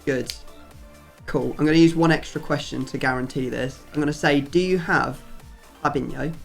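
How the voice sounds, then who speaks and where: A man's voice: a little high, normal speed, gravelly. A man hosting a gaming video, chatting casually and rambling through his explanations with plenty of fillers. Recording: music playing faintly behind.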